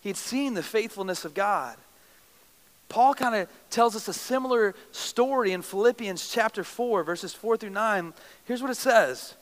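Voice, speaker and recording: A man's voice: high-pitched, lively intonation, unhurried, a bit bright, in a large hall. A man preaching a sermon, retelling scripture stories in a casual, slangy way and acting out what the characters say. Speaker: pastor.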